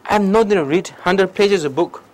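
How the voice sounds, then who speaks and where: A man's voice: sits high, moderate pace, low-quality recording. A man with a Tibetan accent giving a public meditation talk in broken English, telling stories and often checking in with "okay?". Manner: broken English, lively storytelling, frequent "okay?". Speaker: meditation teacher. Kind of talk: public dharma talk with questions. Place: lecture hall.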